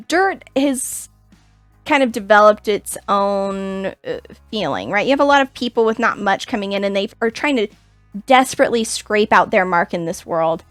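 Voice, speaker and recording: A woman narrating as game master of a tabletop game, often pausing on fillers. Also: a little high, no room sound. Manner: halting, many fillers.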